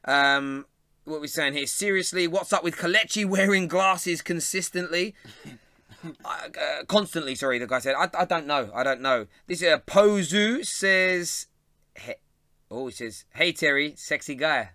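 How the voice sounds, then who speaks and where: Bright-voiced London host reading comments. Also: male voice, a little high, expressive, measured pace, no echo, clean studio sound. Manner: chatty, laughs often, reads viewer comments aloud. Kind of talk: live fan show chat, reading comments.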